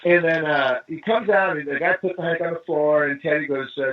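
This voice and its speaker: A man from East Los Angeles tells a studio story as a guest, slipping into the voices of the people he quotes. His voice sits a touch high and sounds husky. It comes through a thin, tinny phone line. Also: fast talker. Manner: lively storyteller acting out quoted dialogue. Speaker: drummer and guest. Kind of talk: storytelling interview anecdote.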